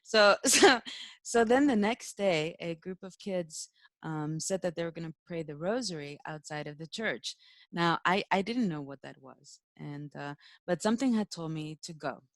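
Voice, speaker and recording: A woman's voice: lowish voice, expressive, moderate pace, fairly bright tone, no room sound. A young woman, a spiritual teacher, telling a personal story in casual talk, emotional, laughing often and using many fillers.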